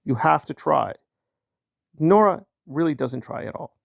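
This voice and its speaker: A man delivering a heated solo commentary, his voice gravelly and fairly high for a man. He hammers points with repetition and slips into sneering mock-quotes. Recorded close and dry. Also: expressive, measured pace, dry recording. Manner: mocking put-on quotes in raised pitch. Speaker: commentary channel host.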